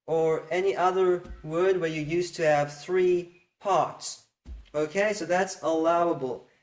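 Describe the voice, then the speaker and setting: A patient, methodical teacher explains pronunciation in a steady, middle-pitched voice. They pause to sound out words slowly and check in with their listeners. The room adds a clear, roomy echo. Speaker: Hebrew teacher. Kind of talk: explanatory lesson on Hebrew pronunciation.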